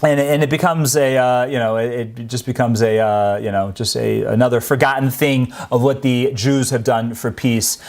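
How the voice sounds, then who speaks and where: A man's voice: medium pitch, steady tone, normal speed, few pauses, a little mellow. A man giving an unscripted history talk, telling events as an earnest story and pressing hard on the points he cares about. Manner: earnest storytelling, grows emphatic on key points. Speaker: history presenter.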